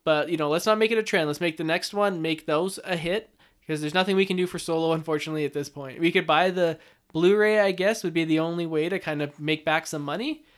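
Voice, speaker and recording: Man, podcast co-host, higher pitch, laid-back, filler-heavy, laughs often. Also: fast talker. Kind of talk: casual chat.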